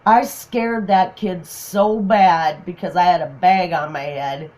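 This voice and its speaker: A woman's voice: on the low side, slow pace, noisy background. A middle-aged woman, a grandmother telling funny family stories in casual chat, laughing often and acting out what people said. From Minnesota, USA. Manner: laughs often, acts out quotes. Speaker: crafting channel host.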